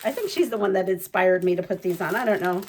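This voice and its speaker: A woman chatting casually as a quilting vlogger, gushing and excitable, rambling with lots of fillers. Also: on the low side, fast, slight background noise. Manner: gushing and excitable, gasps and giggles. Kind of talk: casual unboxing chat.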